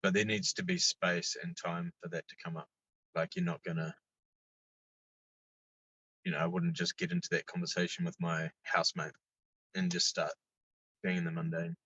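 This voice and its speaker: A man talks as a podcast guest in a loose, easygoing way and swears freely. His low voice has a forceful, bright edge. The recording sounds dull and dry. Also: normal speed, pauses often, husky, no echo. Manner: laid-back, swears freely, lively when telling stories. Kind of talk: casual chat.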